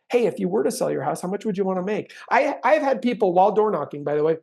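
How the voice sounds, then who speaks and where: A man giving an animated sales training talk, acting out client conversations with bursts of energy. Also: high voice, fast talker, creaky. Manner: animated, acts out sales dialogues with big swings in energy.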